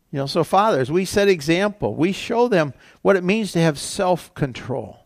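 A man's voice: high voice, lively intonation, moderate pace, creaky, no room sound, clean studio sound. An older man preaching a sermon as pastor, telling a personal story in a conversational way with frequent restarts. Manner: conversational, storytelling with self-corrections.

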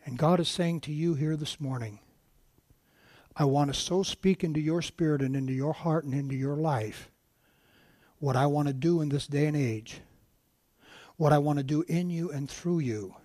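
A man's voice: on the high side, moderate pace, long pauses, darkish tone, no room sound. Preaching man, stumbling storyteller. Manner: storytelling with many restarts and direct asides to the congregation. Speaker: guest preacher. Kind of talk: sermon.

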